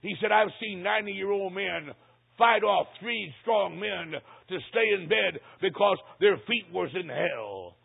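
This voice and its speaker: Older male preacher, dramatic sermon storyteller, high husky voice, tinny lo-fi sound. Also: lively intonation. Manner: dramatic storyteller, slows for emphasis. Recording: tinny phone-like recording.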